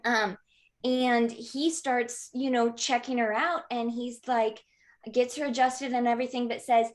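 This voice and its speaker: Woman in her 30s, high voice, chatty storytelling on a podcast, lots of ums. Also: measured pace. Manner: lively, frequent "um" fillers, acts out quoted voices. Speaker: podcast guest. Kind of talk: conversational storytelling.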